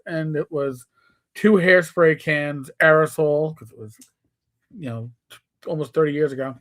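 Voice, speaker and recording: New York man telling animated stories. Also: fairly high pitch, normal speed. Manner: storytelling, acts out quoted players with shifting voice. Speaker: co-host. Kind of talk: casual live-stream chat.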